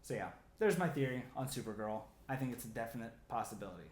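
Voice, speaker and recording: A man talks through his theory in a loose, excited ramble, padding his sentences with fillers. His voice sits at an ordinary middle pitch. The room around him rings with a noticeable echo. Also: fast, few pauses. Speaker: comic theory channel host. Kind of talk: casual video commentary.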